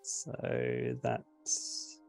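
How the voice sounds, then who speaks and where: A man's voice: very slow, a little mellow, faint music behind. Easygoing male tabletop player. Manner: easygoing, hesitant, chuckling. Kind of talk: casual tabletop play.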